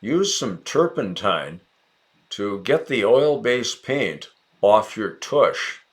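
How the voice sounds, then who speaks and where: A man with an American accent teaching English in a relaxed, chatty way, encouraging viewers and calling them by name. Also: lowish voice, slow. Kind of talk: casual ESL lesson narration.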